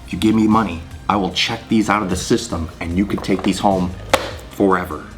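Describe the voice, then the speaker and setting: A creepy young video store clerk leans in close and speaks slowly and quietly, like he's letting you in on a secret, as a man acts him out in a low voice. Soft music plays faintly behind him. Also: fairly even intonation, natural voice. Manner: slow, hushed, conspiratorial.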